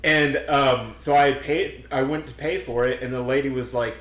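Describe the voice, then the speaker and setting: A man's voice: mid-range voice, fairly even intonation, normal speed, fairly bright tone. A young man hosting a podcast, telling rambling stories full of swearing and acted-out quotes. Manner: rambling storyteller, swears a lot, acts out quotes. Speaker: podcast host. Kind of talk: casual chat. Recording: roomy echo.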